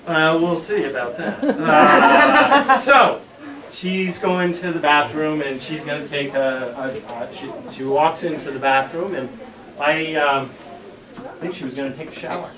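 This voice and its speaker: A man's voice: fairly high pitch, moderate pace, crowd noise. A middle-aged man, a school superintendent, telling a playful story to a class of children and acting out the voices. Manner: playful, dramatic, acts out voices. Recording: echoey room, mic far off, children around.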